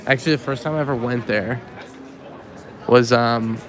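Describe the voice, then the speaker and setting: A man's voice: medium pitch, steady tone, normal speed. Rambling young guy on a city street. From Winnipeg, Canada. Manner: rambling, lots of likes and ums, swears casually. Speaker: vlogger. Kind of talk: casual walking vlog monologue. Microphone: handheld camera rig while walking. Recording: street noise and passing cars. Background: city traffic.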